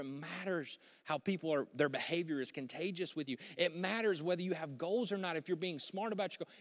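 A male pastor delivering a sermon with energetic, joking delivery and prompts to the congregation. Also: on the high side. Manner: energetic, jokey preaching with audience prompts. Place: church sanctuary. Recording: church hall with long reverb.

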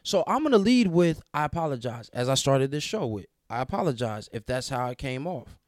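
A man co-hosting a casual podcast, earnest and deliberate, often restarting his sentences as he works through a point. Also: medium pitch, big pitch swings, dry recording, studio quality. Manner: earnest, restarts often, slow and emphatic at times. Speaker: podcast co-host.

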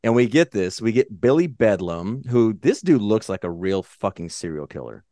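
A man co-hosting a podcast, chatting casually and profanely about movies in a rambling, animated way. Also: on the low side, normal speed, dry recording, studio quality. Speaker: podcast co-host.

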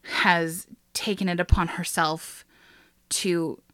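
Woman, casual podcast co-host, gushing, bright voice, lowish pitch, dry close sound. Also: slow, no echo. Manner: gushing, excitable, swears casually.

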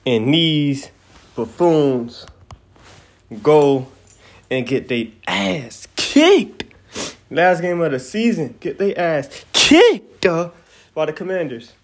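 A young man hosting his own podcast, chatting casually in an animated, rambling way and swearing freely. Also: mid-range voice. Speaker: podcast host. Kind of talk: casual solo podcast chat.

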